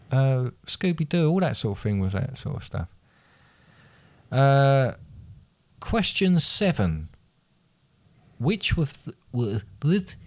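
Low-voiced man hosting a quiz. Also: a little mellow. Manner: teasing, reads questions aloud with restarts. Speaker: quiz host. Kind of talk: casual quiz chat.

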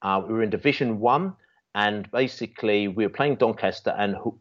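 This football fan channel guest speaks on the low side and a little fast. He's a man spinning a long, rambling football story in casual conversation, full of restarts and filler words, captured in dull lo-fi sound.

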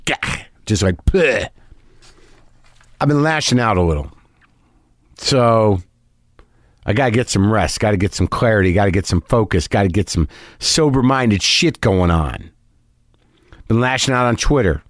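A man hosting a podcast, talking in a rambling, profane, animated and self-deprecating way from a home studio. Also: fairly low pitch, no room sound. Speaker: podcast host. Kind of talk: monologue and casual interview.

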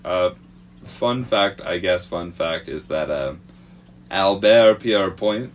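Deep-voiced hesitant male podcaster. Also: animated, slow pace, a little hiss or hum. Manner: rambling, hesitant with many fillers, swears freely. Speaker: podcast co-host presenting a true crime report. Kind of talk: casual podcast chat.

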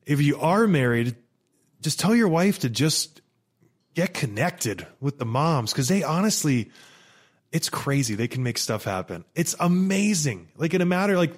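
A man in his thirties telling a story in a casual, animated, exasperated monologue. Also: fairly high pitch. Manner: animated, exasperated, rambling with restarts. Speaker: vlogger.

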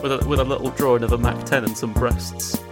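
A man's voice: medium pitch, steady tone, fast, over loud music. A man in casual comedic podcast chat with a dry, teasing manner. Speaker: podcast co-host, quiz contestant.

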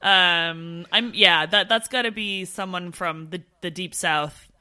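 A woman co-hosting a travel podcast in casual chat, animated and loose, swearing now and then. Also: on the low side, slow pace. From Canada. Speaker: podcast co-host.

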